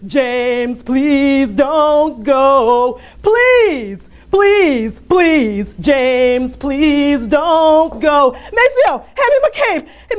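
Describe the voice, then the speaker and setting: Woman putting on a male soul-singer impression; begging, shouting, sob-cracked. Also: heavily acted. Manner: shouting, sobbing, high-pitched pleading.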